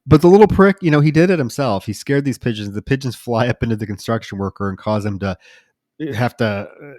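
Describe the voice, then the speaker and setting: A man co-hosting a horror movie podcast, recounting scenes in a casual, steady way. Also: fairly low pitch, brisk, no echo, studio quality. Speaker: podcast co-host.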